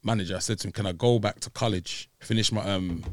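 A man's voice: fairly low pitch, fast talker. Young man telling stories. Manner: laughing, animated storytelling with street slang. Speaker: guest. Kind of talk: casual chat.

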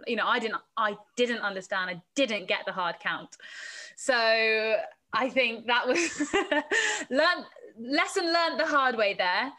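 Answering interview questions casually on a podcast, an English presenter and reporter talks about her job, laughing often and performing the voices of people she quotes. She speaks slowly in a slightly high, bright, forceful voice with lively intonation.

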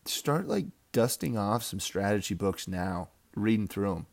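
A man's voice: lowish voice, lively intonation, unhurried, creaky. A young man giving a casual, rambling fantasy football recap, full of trash talk and laughter. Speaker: fantasy football league member.

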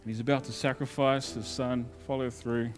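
A male pastor preaching a sermon in a conversational storytelling way, moving between loud emphasis and quiet asides. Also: medium pitch, level tone, moderate pace, soft background music.

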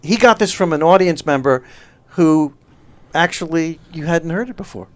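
A comedian chatting in a studio, enthusiastic and admiring. His voice sits a little higher than most men's. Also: normal speed. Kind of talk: casual chat.

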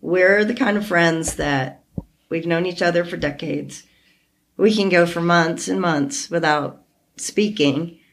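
A woman hosting a podcast, talking with a close friend in an emotional, heartfelt way, teary and halting at times. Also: fairly low pitch, a little hiss or hum. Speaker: podcast host. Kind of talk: emotional casual chat.

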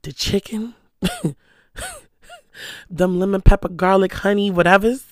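A vlogger chatting to the camera about recent outings, swearing freely and telling stories in an animated, gossipy way, close to a stand mic in a small room. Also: mid-range voice, measured pace, dry recording. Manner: animated, profane, gossipy storytelling. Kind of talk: casual chat to the camera. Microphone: stand mic close to the speaker.

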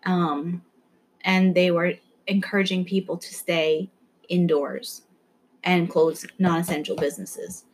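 A woman's voice: lowish voice, flat delivery, unhurried, slightly rough. A young woman from the New York area, co-hosting a podcast in casual chat, rambling anxiously and swearing now and then. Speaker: podcast co-host.

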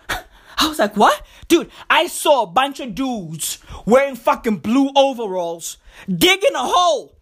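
Hyper-energetic South African woman ranting. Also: high-pitched. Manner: hyper-energetic, slangy, profane, repeats phrases. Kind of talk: comedic rant monologue.

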